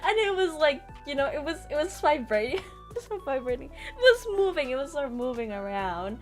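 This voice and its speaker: A woman's voice: high voice, very animated, a little fast, darkish tone, faint music behind. A woman streamer chatting casually and rambling, laughing often between stories, with squeals of disgust. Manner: rambling, giggly, lots of laughter and fillers. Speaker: VTuber streamer.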